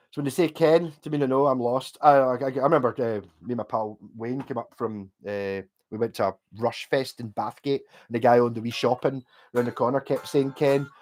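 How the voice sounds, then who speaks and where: A man's voice: mid-range voice, steady tone, moderate pace, darkish tone. A middle-aged man with a Glasgow Scottish accent chatting on a livestream, meandering and sweary with lots of fillers. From Scotland. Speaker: livestream host reading chat. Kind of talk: casual rambling chat.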